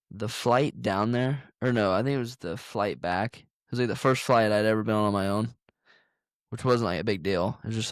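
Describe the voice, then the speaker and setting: A man's voice: on the low side, no room sound, studio quality. A young man co-hosting a casual chat from his laptop over a video call, telling stories in a laid-back way, full of fillers. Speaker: co-host. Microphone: laptop mic on a video call.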